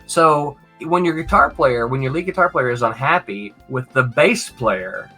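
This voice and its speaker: A man's voice: medium pitch, moderate pace, faint music behind. A man being interviewed about his years as a comics editor, telling anecdotes and acting out the people he quotes, often checking in with "right?". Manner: animated, acts out quoted voices, tag questions "right?". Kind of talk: storytelling interview chat.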